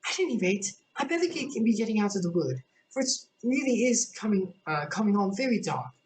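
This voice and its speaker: A woman voicing Alice, an earnest, prim young girl, with a high, pleading voice. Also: big pitch swings, a little mellow, a little hiss or hum, natural voice. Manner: high, pleading, slowed delivery.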